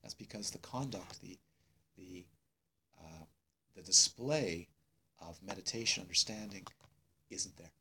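A male meditation teacher giving a dharma talk to students, emphatic and unhurried, repeating phrases with many pauses. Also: low voice, bright, forceful tone, a little hiss or hum. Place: meditation hall.

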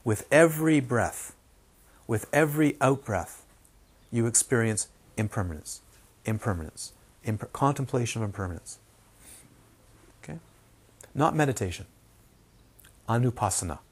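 A man's voice: medium pitch, lively intonation, normal speed, long pauses, breathy edge. A man teaching meditation in a dharma talk, repeating key words for emphasis and sometimes dropping to a whisper. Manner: repetitive, emphatic, drops to a whisper in quotes.

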